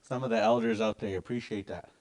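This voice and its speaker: A man's voice: lowish voice, steady tone, fast talker, darkish tone. A man teaching a language class with lots of energy and emphasis.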